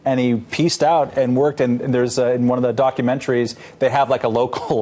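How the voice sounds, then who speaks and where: A man on a talk-show panel spinning a loose, rambling anecdote. His voice sits at an ordinary mid pitch, with plenty of "like" and "uh". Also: level tone, fairly quick, warm tone. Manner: rambling storyteller, lots of fillers. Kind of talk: casual panel chat.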